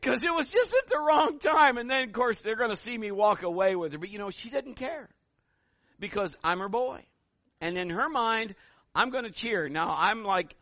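Bright high-voiced male preacher. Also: moderate pace, no echo. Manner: storytelling preacher, animated, building to loud calls. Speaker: pastor. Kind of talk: sermon.

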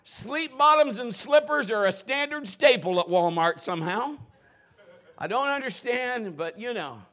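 A middle-aged man preaching to his congregation, swapping sermon points for funny personal stories. His voice sits high and rings bright and forceful. He talks like an animated storyteller who likes to joke. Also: a little slow. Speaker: pastor.

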